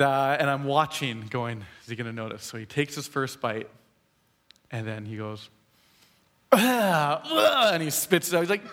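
Bright, animated man telling a story. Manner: animated, acts out quotes in a higher voice, laughs while telling. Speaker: speaker telling a story to an audience. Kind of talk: storytelling talk to a live audience.

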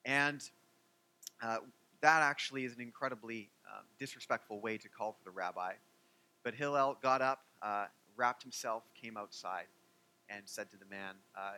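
A man preaching a sermon as pastor, animated and joking, with many fillers. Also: medium pitch, normal speed.

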